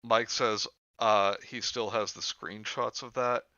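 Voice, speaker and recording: Slow, bright-toned deadpan man. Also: on the low side, dry recording, lo-fi sound. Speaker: co-host reading a story aloud. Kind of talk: casual joking chat over a voice call.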